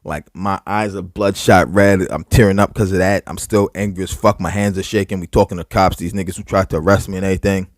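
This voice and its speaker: A man on a podcast retells a rough night at length, full of "like" and restarts and a lot of swearing. His voice sits on the low side, and the sound is close and dry, with no room around it. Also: fast talker, few pauses, no room sound. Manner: heavy filler words, profane, animated retelling. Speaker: podcast co-host. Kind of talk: casual storytelling.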